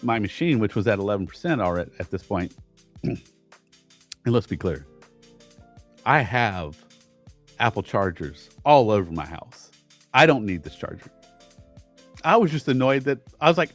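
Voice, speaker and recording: A man co-hosting a podcast, telling a frustrating story in casual chat, animated and exasperated, often restarting his sentences. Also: fairly low pitch, a little slow, long pauses, faint music behind. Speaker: podcast co-host.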